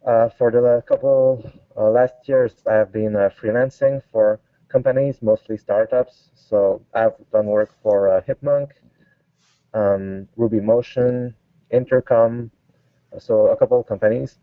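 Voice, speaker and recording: A man's voice: mid-range voice, steady tone, a little slow, no room sound. A man from France with a French accent, a guest designer speaking with many hesitant fillers in a casual interview over a call. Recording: tinny phone-like line.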